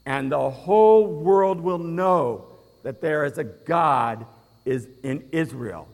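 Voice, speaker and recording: A man's voice: high-pitched, a bit bright, pitched above the performer's own voice. A man voicing the young shepherd David, defiant and emphatic, declaiming. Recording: reverberant hall.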